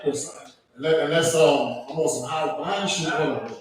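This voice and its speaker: A man's voice: fairly high pitch, measured pace. A man hosting an open mic, calling up comics from a list in a loose, joking way with swearing. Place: bar stage at an open mic. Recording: echoey room, taped from far off.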